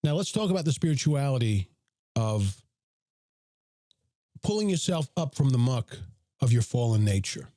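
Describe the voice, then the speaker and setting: Podcast host, male, hoarse and raspy after a cold, mellow tone, dry close sound. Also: sing-song, normal speed, pauses often, no echo. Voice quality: deep, raspy. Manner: chatty, blunt, self-promoting. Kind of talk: casual livestream talk.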